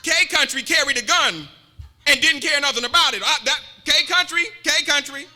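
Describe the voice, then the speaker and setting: Brief: male preacher, very high bright voice, playful call-and-response sermon, echoing church hall. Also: moderate pace. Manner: joking, repetitive, calls out to the congregation.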